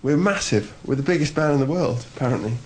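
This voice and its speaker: A man's voice: a little high, animated, fast, noisy background. A young man in his twenties, a band member, joking and self-mocking in a casual interview. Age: 20s.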